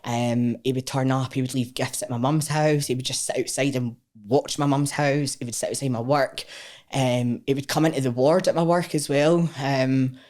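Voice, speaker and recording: A woman's voice: very deep voice, normal speed. A woman with a Scottish accent, a podcast guest telling her own story frankly, swearing freely and acting out what people said. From Scotland. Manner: frank and expressive, swears freely, acts out quotes. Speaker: guest, powerlifter. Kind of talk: candid personal storytelling.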